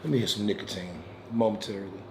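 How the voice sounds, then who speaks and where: A man's voice: fairly low pitch, quick pace, echoey room, noisy background. Profane man telling a stream story. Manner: profane, animated storyteller who turns loud and excited at the climax. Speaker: streamer hosting a weekly smoke session. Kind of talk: casual storytelling to a live stream. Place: at home in a residential area.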